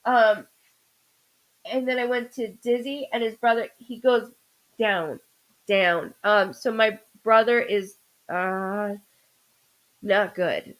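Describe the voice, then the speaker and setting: A woman hosting a live-streamed psychic reading. She speaks haltingly, often saying "hold on," breaking off and restarting as she relays impressions. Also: medium pitch, rough recording. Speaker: psychic medium host.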